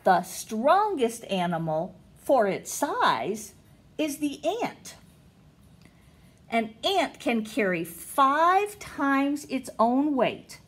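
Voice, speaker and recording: A middle-aged woman teacher reads to small children in a high, slow and breathy voice. Her pitch climbs and dips in wide swings, and every question rises up high. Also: very animated. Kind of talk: reading picture books aloud to children.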